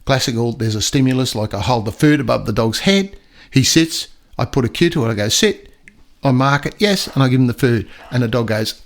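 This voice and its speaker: An older man talking casually on a podcast, with a voice of middling pitch. He spins stories and jumps into quick voices for the dogs and people he describes. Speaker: podcast guest storyteller and dog trainer. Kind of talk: casual chat.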